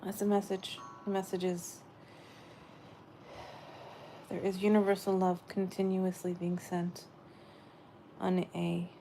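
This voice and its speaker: Woman, channeled spiritual talk, gentle and meandering, repeats herself, slightly low voice. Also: completely flat delivery, takes it slowly, pauses often, slight background noise.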